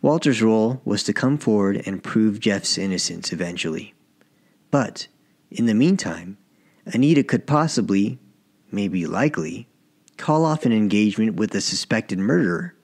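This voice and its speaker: A man narrating his own short story as an audiobook, in a measured, even reading. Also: lowish voice, husky. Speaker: author and narrator.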